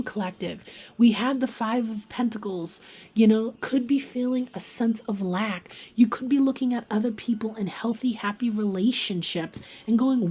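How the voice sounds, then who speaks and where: A woman giving a casual pick-a-card tarot reading, chatty and emphatic, talking straight to her viewers and sometimes dropping to a soft whisper for emphasis. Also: a little high, moderate pace, slightly rough. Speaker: tarot reader.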